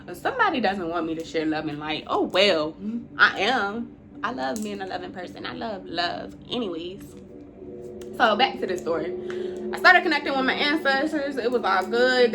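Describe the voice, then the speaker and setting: A woman giving a casual spiritual talk to her viewers. She is chatty, calls them y'all and laughs often. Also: mid-range voice. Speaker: intuitive spiritual reader. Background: music.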